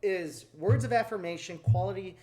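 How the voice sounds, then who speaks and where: Brash young male podcast host, slightly higher voice, crude candid storyteller. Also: moderate pace, a little mellow. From Mexican heritage, US. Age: 20s. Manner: blunt, profane storytelling. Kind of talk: casual podcast chat.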